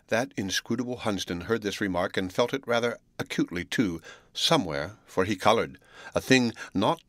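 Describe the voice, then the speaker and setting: Low-voiced man narrating a novel. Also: fairly bright tone, no echo, studio quality. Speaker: audiobook narrator. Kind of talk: reading a classic novel aloud.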